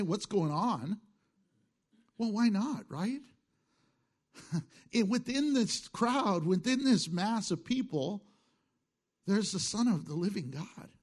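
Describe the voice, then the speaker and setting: A middle-aged male pastor preaching a sermon in a conversational way, moving between hushed asides and emphatic lines, chuckling at his own jokes. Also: sits high.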